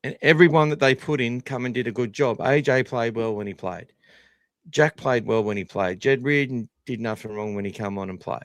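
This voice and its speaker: A man's voice: medium pitch, fairly quick, dry recording. An Australian man hosting a live podcast, talking in a blunt, sweary, casual way. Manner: blunt, sweary, animated opinions. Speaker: podcast host.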